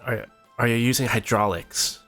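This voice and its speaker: A man's voice: mid-range voice, steady tone, normal speed, a bit bright, faint music behind, natural voice. A man voicing a paranoid, drunken male inventor who stammers and jumps to suspicion. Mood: curious. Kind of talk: tabletop role-play in character.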